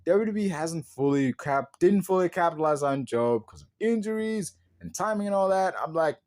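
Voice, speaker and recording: A male podcast host talks in a loose, slangy rant, full of exclamations and frequent laughs. His pitch swings widely as he gets worked up. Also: animated, moderate pace, darkish tone. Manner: laughs often.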